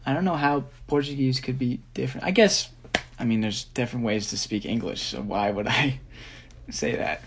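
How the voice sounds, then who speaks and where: A man's voice: medium pitch, normal speed, background noise. A young man, a dancer, chatting casually on a phone livestream and rambling through fan questions with frequent ums.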